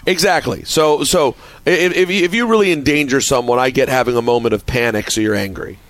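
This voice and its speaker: A man co-hosting a radio show in casual banter, expressive and probing with exasperated asides. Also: mid-range voice, a little fast, dry recording. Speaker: radio co-host.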